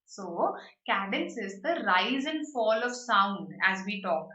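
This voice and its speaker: A woman teaching vocabulary in a live online class, lively and explanatory, often checking in with "right?" and "okay". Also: medium pitch, takes it slowly, reverberant, recorded from a distance, highs cut off. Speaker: online exam-prep teacher.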